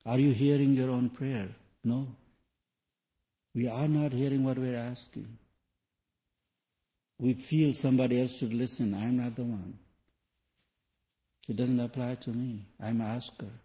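Male spiritual teacher, dark and mellow, rhetorical questioning, lo-fi 1980s tape. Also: medium pitch, fairly even intonation, a little slow, pauses often. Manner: rhetorical questions, non-native phrasing. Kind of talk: spoken sermon to an audience. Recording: dull lo-fi 1980s tape recording.

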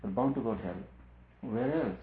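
A man giving a spiritual discourse as a teacher, talking in a measured, repetitive and emphatic way. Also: medium pitch. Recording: echoey room, phone-like lo-fi sound.

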